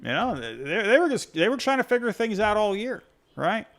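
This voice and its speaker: A man's voice: high voice, big pitch swings, moderate pace, fairly bright tone. A man hosting a casual postgame call-in show, talking in a rambling, self-interrupting way as he answers fan voicemails. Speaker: podcast host taking fan calls. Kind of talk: casual postgame sports reaction.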